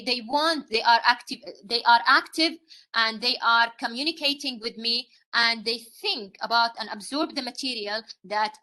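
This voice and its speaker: A woman with a Saudi Arabian accent, a native Arabic speaker, presents to fellow teachers in a fairly high, very bright voice. She explains through questions, fills pauses with "uh" and "um", and checks in with "okay?" as she goes. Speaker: English teacher giving a conference talk. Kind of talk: live teacher-training presentation.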